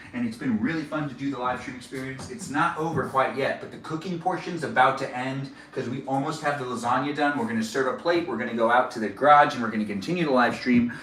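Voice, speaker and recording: A man hosts a relaxed live stream from his home kitchen, chatting loosely with viewers and reading their comments aloud. His voice is bright and forward, and the kitchen gives it a roomy echo. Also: medium pitch, a little hiss or hum. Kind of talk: casual live-stream chat while cooking.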